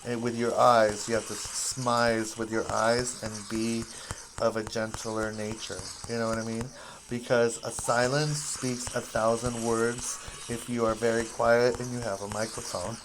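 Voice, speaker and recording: A man's voice: medium pitch, flat delivery, measured pace, background noise. A man giving casual, rambling gameplay commentary, goofy and self-mocking as he plays.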